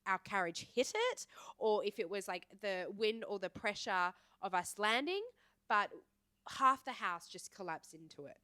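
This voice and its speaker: A young woman, co-hosting a podcast in a playful, animated, storytelling chat. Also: medium pitch, unhurried, no echo, clean studio sound. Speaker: podcast co-host. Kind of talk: casual chat.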